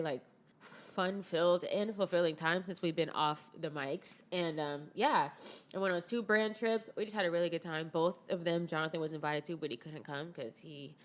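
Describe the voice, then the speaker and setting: A young woman co-hosting a podcast with her husband, telling animated stories in casual chat and laughing often. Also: on the low side, moderate pace. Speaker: podcast co-host.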